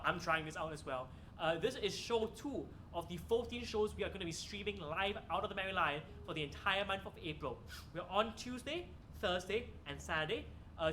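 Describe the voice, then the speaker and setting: High, bright-voiced comedian telling stories. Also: male voice, slight background noise. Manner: jokey, laughs at his own jokes. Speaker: stand-up comedian and show host. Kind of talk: solo livestream storytelling. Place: comedy club. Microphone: streaming camera mic.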